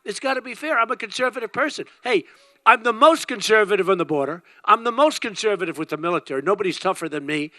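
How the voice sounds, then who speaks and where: A man's voice: high voice, lively intonation, quick pace, bright, forceful tone, no room sound. An older man giving an emphatic, rambling campaign rally speech, repeating his phrases over and over. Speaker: political candidate.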